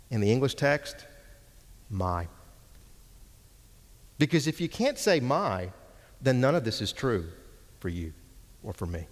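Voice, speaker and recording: A man teaching Hebrew from the pulpit, preaching slowly and emphatically, repeating words for stress. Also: mid-range voice. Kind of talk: sermon with Bible exposition. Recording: long hall reverb.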